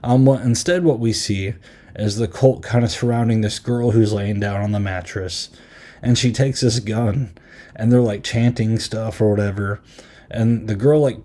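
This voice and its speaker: A man hosting a podcast, casually recapping a horror film with lots of "like" and "um" and quick half-acted quotes. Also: on the low side, steady tone, warm tone. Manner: rambling, filler-heavy recap with frequent "like" and "um"; easily amused, retells scenes with quick half-acted quotes. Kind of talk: casual chat.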